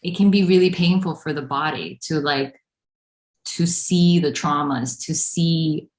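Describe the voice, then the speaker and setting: A woman hosts a spiritual meeting in a gentle, reflective way. Her voice sits very low and moves unhurriedly. The sound carries a roomy echo. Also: measured pace. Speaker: non-duality teacher, host.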